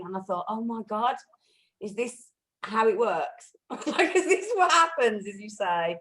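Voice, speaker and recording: A woman chatting casually as a wellness practitioner, telling lively stories and acting out what people said. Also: mid-range voice, a little slow, rough recording. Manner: lively storyteller, acts out quotes; self-described shouty. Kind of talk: casual group chat.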